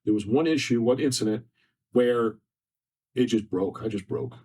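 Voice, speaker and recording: A man's voice: mid-range voice, normal speed, darkish tone, slightly rough. A man on a podcast, sharing a personal story in an earnest, repetitive, emotional way. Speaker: podcast guest. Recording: distant mic from faulty setup.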